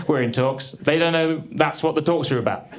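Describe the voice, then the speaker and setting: A man in his thirties doing a stand-up comedy set on a theatre stage, with a dry, deadpan delivery. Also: fairly high pitch, moderate pace, noisy background. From England. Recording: live theatre with crowd laughter. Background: audience laughter.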